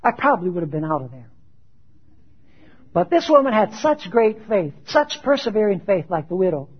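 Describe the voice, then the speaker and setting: Heard through a dull, lo-fi recording, a preacher with a high, breathy-edged voice moves at normal speed through a lively sermon. He throws out rhetorical questions and climbs to forceful, shouted high points.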